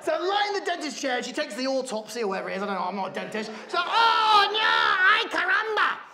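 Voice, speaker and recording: A man performing a stand-up comedy set on a theatre stage, telling a story with animated, shouted rants. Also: extremely high pitch, racing, heavy background noise. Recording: live theatre, audience laughter. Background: audience laughing.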